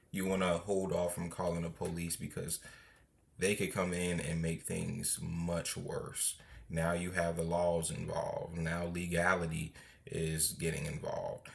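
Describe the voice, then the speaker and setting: A man hosting a podcast, offering calm, measured advice to listeners. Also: low-pitched, creaky. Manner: measured, advisory. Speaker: podcast host. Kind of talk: commentary.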